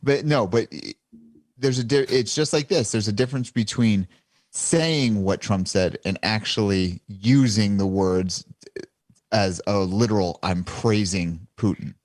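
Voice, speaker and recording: Deep-voiced man, blunt and profane. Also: a little slow, darkish tone, no room sound. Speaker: podcast co-host. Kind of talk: casual chat.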